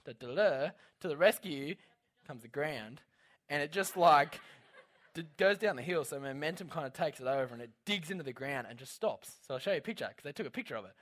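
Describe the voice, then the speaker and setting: A young man giving a casual, animated youth talk as a youth leader. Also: on the high side, quick pace. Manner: casual storytelling, lively and animated.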